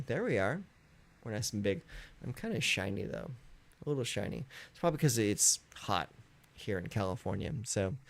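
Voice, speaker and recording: A man chatting casually on a live stream from his home, rambling with lots of fillers. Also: vocal fry. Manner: rambling, filler-heavy, easygoing; high baby-talk when calling his dogs. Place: home in California.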